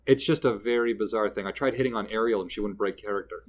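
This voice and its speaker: A Canadian comedian with a lowish voice talks fast as a guest in a relaxed interview. He tells stories animatedly, slipping into the voices of the people he quotes partway through.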